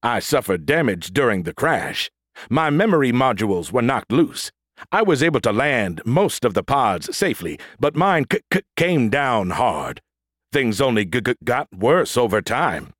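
A man voicing a damaged, stuttering android soldier in a battlesuit with a booming voice, in an audiobook. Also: sing-song, a bit bright, dry recording, studio quality. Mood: eager booming. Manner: stutters on first sounds, booming, slow drawn-out words. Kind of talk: audiobook character voice.

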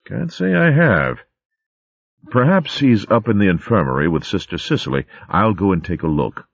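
A man's voice: fairly low pitch, big pitch swings, moderate pace, gravelly, no room sound, dull audio, voice pushed up, exaggerated voice. A man voicing a kindly abbot of a woodland abbey, mild and fatherly in his speech. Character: kindly old abbot mouse, gentle host.

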